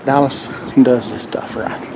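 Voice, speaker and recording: A man's voice: mid-range voice, fairly even intonation, unhurried. An older man, chatting and rambling to his viewers as he walks a city street filming a casual vlog. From Texas. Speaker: vlogger. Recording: loud street and wind noise.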